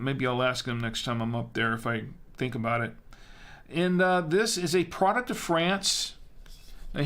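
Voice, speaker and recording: A man's voice: medium pitch, a bit bright. A man hosting a casual live-stream wine show, chatty and self-deprecating, rambling with lots of fillers.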